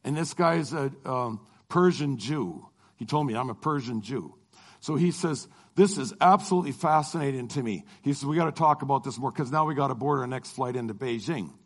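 The middle-aged man, a Christian lecturer, has a mid-range voice and a brisk delivery. He animatedly relates a personal travel story, acting out each exchange of dialogue as testimony.

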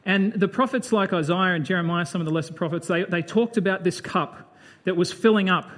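A man's voice: sits high, fairly quick, a bit bright. A man giving a conversational Bible sermon, breaking off from the reading to comment in a chatty, reflective way. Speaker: preacher.

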